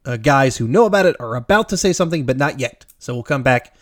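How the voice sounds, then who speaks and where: A man's voice: mid-range voice, animated, fast, fairly bright tone. A man co-hosting a podcast, walking through a film scene by scene in a loose, rambling way. He swears casually and laughs often. His voice sits in a middle register and the sound is close and dry, with no room echo. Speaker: podcast co-host. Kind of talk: casual movie recap chat.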